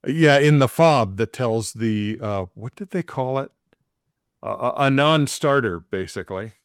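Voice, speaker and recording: A man's voice: mid-range voice, lively intonation, unhurried, dry recording, clean studio sound. A man in casual chat, telling a long story with many fillers and restarts.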